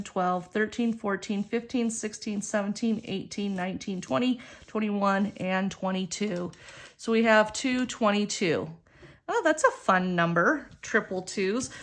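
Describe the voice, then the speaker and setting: Slow-talking middle-aged woman, chatty host. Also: medium pitch. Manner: chatty and expressive, counting aloud with frequent exclamations. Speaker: budgeting channel host. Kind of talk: casual chat while playing a savings game.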